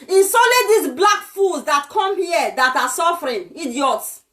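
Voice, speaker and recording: A woman's voice: extremely high pitch, lively intonation, a little slow, pushed and bright. A young Nigerian woman ranting on a vlog, insulting and scolding her viewers in a fiery tone. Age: young adult. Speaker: vlogger.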